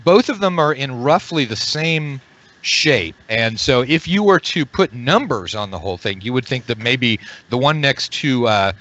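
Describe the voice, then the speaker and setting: A man's voice: mid-range voice, fairly bright tone, highs cut off. A man running an online tabletop game as game master, rambling and repeating words as he jokes with players.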